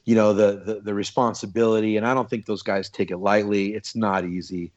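A man's voice: fairly low pitch, flat delivery, brisk, dull audio. A man, a podcast guest, telling stories in a casual, rambling way, full of restarts and fillers. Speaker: podcast guest, former drum corps snare drummer. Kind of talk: casual storytelling chat.

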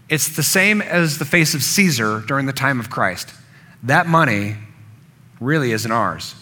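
A man's voice: medium pitch, pushed and bright. A man preaching a sermon, earnest, building emphasis through repetition. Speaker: pastor.

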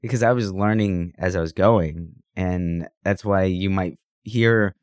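A man's voice: sits low, measured pace, no room sound, studio quality. A man co-hosting a podcast in casual chat, sick this week, talking in a rambling, enthusiastic way with lots of fillers. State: sick, under the weather. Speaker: podcast co-host. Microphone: podcast microphone.

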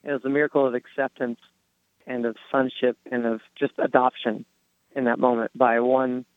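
A man sharing an earnest personal testimony on a faith podcast, telling his story with halting restarts. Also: medium pitch, level tone, dry recording. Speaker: guest. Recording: tinny phone-like line.

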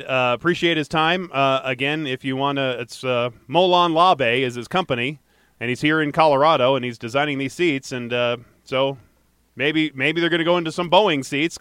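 Speaking at medium pitch with a fairly bright, clear, resonant tone, this podcast host keeps things upbeat and chatty, laughing easily. On his casual show he reads out a call-in number and plugs next week's episode. The recording is dry with clean studio sound.

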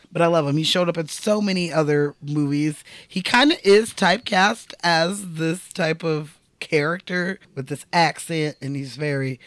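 A man co-hosting a casual podcast chat, animated and profane, laughing often. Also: fairly high pitch, no room sound. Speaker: podcast co-host.

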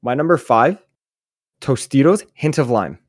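A man's voice: mid-range voice, animated, measured pace, no room sound, clean studio sound. Chatty, joking man on a podcast. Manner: chatty, joking, rambling with many "like"s. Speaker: podcast co-host. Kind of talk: casual podcast chat.

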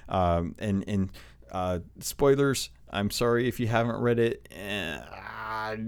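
A man with a slightly low voice gives casual, excited commentary on game lore. He rambles, trips over his words and restarts sentences as his enthusiasm runs ahead of him. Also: takes it slowly, creaky, smooth. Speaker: game lore video host.

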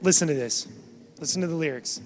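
A man preaching an impassioned sermon as pastor in a church, dropping soft and then rising loud for emphasis. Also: fairly high pitch, a little fast. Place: church sanctuary. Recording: long reverb of a large hall.

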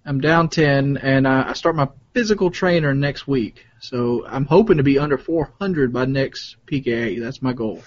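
A man's voice: medium pitch, moderate pace, hardly any pauses. A man co-hosting a casual group podcast, talking bluntly and joking around. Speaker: podcast co-host. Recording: dull lo-fi sound.

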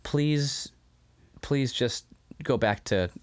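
A man co-hosting a podcast in a casual chat, animated and quick to laugh as he acts out scenes. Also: mid-range voice, smooth. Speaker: podcast co-host. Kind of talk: casual episode discussion.

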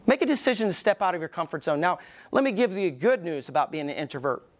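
A man's voice: high-pitched, lively intonation. Emphatic middle-aged male pastor preaching. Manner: preaching with emphatic pauses, acting out quoted voices. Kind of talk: sermon. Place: church sanctuary.

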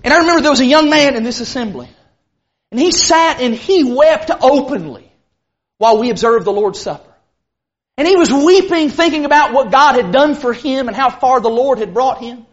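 A man preaching a sermon to a church assembly, emphatic and full of dramatic pauses and stressed words. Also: extremely high pitch, fairly bright tone, muffled recording.

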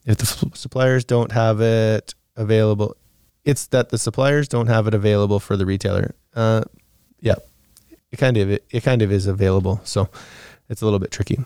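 Low-voiced man rambling in a podcast Q&A. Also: little pitch movement, brisk, warm tone, clear, resonant tone, no room sound, clean studio sound. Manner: rambling, thinks aloud with fillers and laughs. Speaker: podcast co-host answering listener questions. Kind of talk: casual podcast Q&A chat.

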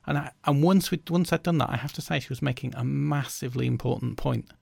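A man speaking in a reflective conversation, often halting and repeating words as he thinks aloud. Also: medium pitch, vocal fry, darkish tone, husky, no room sound, clean studio sound.

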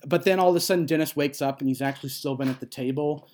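A man's voice: a little high, quick pace, darkish tone. A man in casual podcast chat, retelling a film plot with many fillers and laughs. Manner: rambling, many fillers, laughs while talking.

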